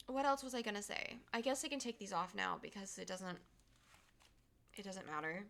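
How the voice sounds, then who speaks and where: A young woman streamer chats casually with her viewers on a live stream, rambling with lots of fillers and giggles, emotional after finishing a game. Her mid-range voice is expressive and fairly bright, at normal speed, with vocal fry and frequent pauses.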